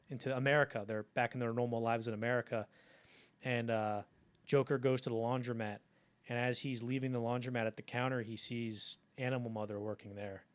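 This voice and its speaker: A man hosting a podcast, retelling behind-the-scenes stories in casual chat, swearing freely and animated. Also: mid-range voice, clean tone. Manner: animated retelling, swearing, slips into quick character voices. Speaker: podcast host.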